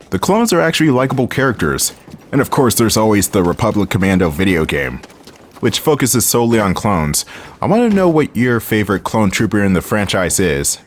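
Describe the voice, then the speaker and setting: A man's voice: lowish voice, slight background noise. A man with a Philadelphia accent giving casual, wry gameplay commentary as a let's-play host, joking to himself and swearing now and then. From Philadelphia area. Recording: voice over faint game music.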